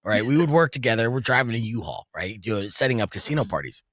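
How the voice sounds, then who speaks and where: Guy in his 30s hosting a podcast, rowdy storyteller, bright voice, dry close sound. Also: fairly low pitch, quick pace, no echo. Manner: animated, rowdy storytelling, yelling out quoted lines. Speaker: podcast host.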